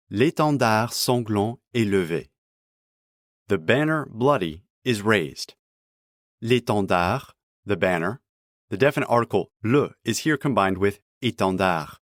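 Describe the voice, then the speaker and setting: Male language tutor, lowish voice, measured scripted delivery, dry close-mic sound. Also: dry recording. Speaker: language teacher. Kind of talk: scripted explanatory narration.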